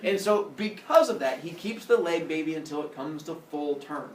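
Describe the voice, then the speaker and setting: A man's voice: a little high, expressive, moderate pace, a little hiss or hum. A male teacher retelling a myth to his class in a playful, jokey way. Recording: echoey classroom from far off.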